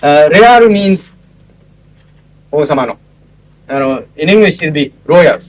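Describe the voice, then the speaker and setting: A Japanese man, a native Japanese speaker, gives a classroom lecture on interpreting using visual aids. His high, animated voice explains things haltingly, with frequent pauses and asides, and the audio quality is poor.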